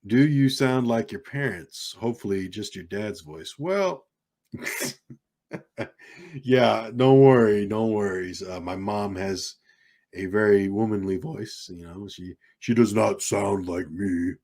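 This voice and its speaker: Slow-talking Southern man with a deep baritone. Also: darkish tone. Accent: Southern American. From South Carolina, USA. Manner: rambling, chuckles often, reads chat aloud. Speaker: live stream host. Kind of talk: casual live-stream chat reading viewer comments.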